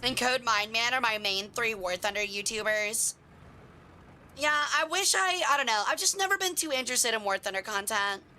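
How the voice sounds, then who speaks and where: A young woman streaming a tank game, chatting with viewers and swearing excitedly as she plays. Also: fairly high pitch, moderate pace, a little hiss or hum. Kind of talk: casual live gameplay commentary.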